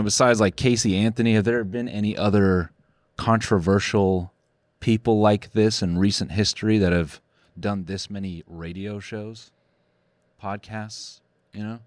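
A man's voice: lowish voice, no room sound, studio quality. A man hosting a comedic podcast, rambling sarcastically and laughing often between jokes. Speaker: podcast host. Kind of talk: casual comedic podcast chat.

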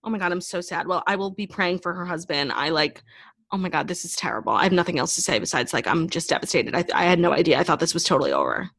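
A woman's voice: lowish voice, expressive, quick pace, creaky, a bit bright. Talkative woman co-host, lots of "like". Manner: talkative, says "like" a lot. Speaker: podcast co-host. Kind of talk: casual pop-culture chat.

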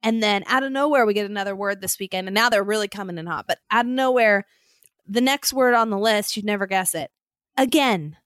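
A woman co-hosting a podcast, telling animated stories in casual chat and laughing often. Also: mid-range voice, fairly quick, dry recording, clean studio sound. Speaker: podcast co-host.

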